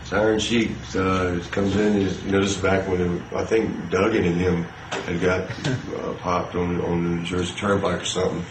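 Deep-voiced man in an echoey old clip. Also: level tone. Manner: halting, full of ums and uhs. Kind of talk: casual anecdote in an archive clip. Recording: echoey archive video audio with background noise.

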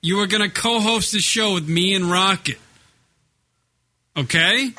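High bright guy hosting a loose radio show, laughs a lot, cuts in on the caller. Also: a little slow. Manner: laughing, talks over the caller. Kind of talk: casual radio banter.

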